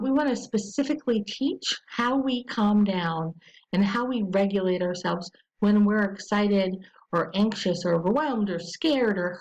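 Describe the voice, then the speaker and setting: Speaking with a fairly high pitch, she presents a webinar loosely and full of ums, easing into a gentle, slow delivery to show what calm self-talk sounds like. The recording is rough.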